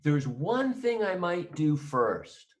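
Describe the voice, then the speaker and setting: A man's voice: a little high, big pitch swings, slow. A man teaching an accounting lesson in a conversational way, acting out both sides of a phone call with a client.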